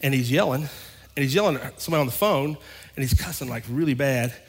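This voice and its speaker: Pastor telling a story in a reverberant hall. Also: male voice, mid-range voice, fast, husky. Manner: animated storyteller acting out both sides of an argument. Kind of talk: sermon storytelling. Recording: long reverb of a large hall.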